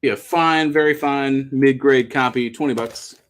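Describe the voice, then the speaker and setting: A man hosting a live comic book sale, pitching each issue in a joking, profane, auctioneer-style way. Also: steady tone, moderate pace. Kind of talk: casual live-stream sales patter.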